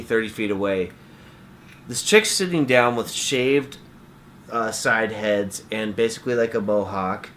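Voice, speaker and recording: A young man from Washington State, co-hosting a podcast, telling a story in an animated, profane way. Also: fairly low pitch, slight background noise. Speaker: podcast co-host. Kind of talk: casual storytelling.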